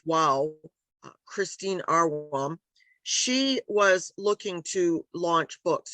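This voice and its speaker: A woman author with a sharp, lowish voice is interviewed over a video call in a casual conversation. She talks in a meandering, hesitant way, full of ums and restarts. There's no room sound.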